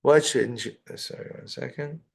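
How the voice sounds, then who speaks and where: A man's voice: medium pitch, normal speed, vocal fry, husky. A man teaching a line-by-line text study, reading each phrase and explaining it with rhetorical questions. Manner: reads Hebrew phrases then explains in English, with asides and rhetorical questions. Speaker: rabbi teaching Torah.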